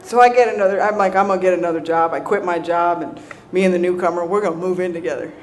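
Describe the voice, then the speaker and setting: A woman giving a humorous recovery talk to an audience, animated and self-mocking, laughing often and checking in with "right?". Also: on the low side, fast talker, slight background noise. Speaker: speaker sharing a recovery story.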